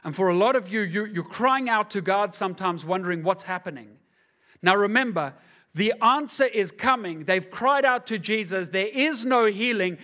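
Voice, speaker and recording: Bright-voiced pastor preaching casually. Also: male voice, high-pitched, expressive, moderate pace. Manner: conversational and joking, asks the crowd "right?". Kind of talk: sermon.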